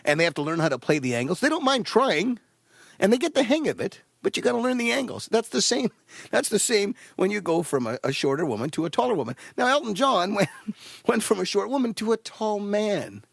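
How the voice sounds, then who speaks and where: A male stand-up comedian who talks in a rambling, meandering way. His voice is slightly high and gravelly, with lively swings in pitch, and it sounds close and dry. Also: brisk, dry recording. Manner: rambling, meandering delivery with fillers and laughs.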